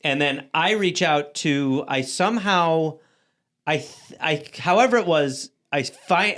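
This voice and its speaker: A man co-hosting a podcast, telling a story in casual, profane talk and acting out the people he quotes. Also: a little high. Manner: animated, profane, acts out quoted voices. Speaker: podcast co-host.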